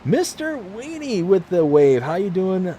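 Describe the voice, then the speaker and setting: A man's voice: sits high, sing-song, measured pace, warm tone, a little hiss or hum. A man hosting a casual gaming livestream from home, reading viewer comments aloud in a friendly, upbeat way. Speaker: livestream host. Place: home room, mostly packed up.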